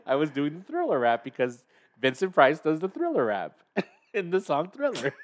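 A man's voice: on the high side, huge pitch swings, moderate pace, a little hiss or hum. A man co-hosting a casual podcast chat, playful and laughing often as he trades jokes and impressions. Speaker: podcast co-host.

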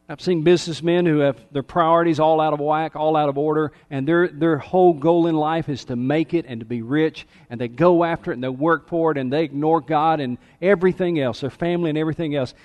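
A middle-aged male pastor preaching a sermon, swinging between emphatic raised calls and soft, quiet lines. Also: fairly high pitch.

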